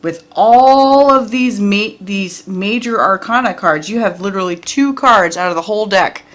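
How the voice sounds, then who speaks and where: A woman's voice: medium pitch, normal speed. Chatty woman doing a tarot reading. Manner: chatty, talks to viewer directly, laughs often. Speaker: tarot reader. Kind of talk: casual tarot reading vlog.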